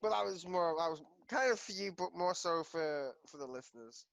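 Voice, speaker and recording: A man's voice: on the high side, animated, moderate pace, gravelly, a bit bright, no echo. Joking, cursing male game master. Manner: joking and teasing, swears often, laughs a lot. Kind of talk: out-of-game table chat.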